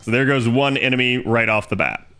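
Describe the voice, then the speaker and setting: A man's voice: mid-range voice, brisk, bright, forceful tone, smooth, soft background music. A man streaming a strategy game, casually explaining his moves aloud and swearing now and then. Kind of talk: casual gameplay commentary.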